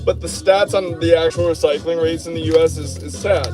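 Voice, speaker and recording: A man's voice: on the high side, fairly even intonation, brisk, music in the background, poor audio. A man hosting a casual crafting stream, rambling playfully between topics while he works. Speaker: channel host, crafter.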